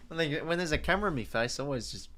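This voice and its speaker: A man's voice: on the high side, expressive, fast, fairly bright tone. A young Australian man hosting a live stream, chatting casually with viewers and muttering to himself while working through a quiz.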